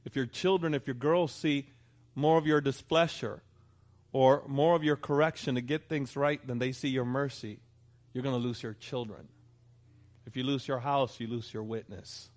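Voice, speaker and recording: A man's voice: mid-range voice, fairly even intonation, normal speed, darkish tone. A pastor preaching a sermon to his congregation, talking conversationally and often asking them for a response. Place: church.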